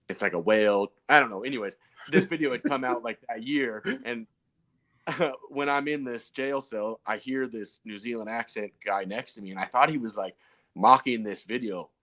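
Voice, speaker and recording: Low-voiced man telling rambling stories. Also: fairly bright tone. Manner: loose, rambling storyteller with many fillers and restarts. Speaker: pro BMX racer guest. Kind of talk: casual podcast storytelling.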